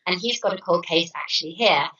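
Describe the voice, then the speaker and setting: A woman author, a guest in a casual interview, talking in a chatty, animated way over a remote call. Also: lowish voice, brisk. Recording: muffled distant call audio.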